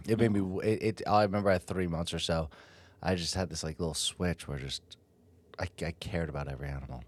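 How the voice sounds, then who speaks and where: A man co-hosting a podcast, talking casually in a relaxed, somewhat halting way with restarts. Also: low voice. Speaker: podcast co-host. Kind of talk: casual chat.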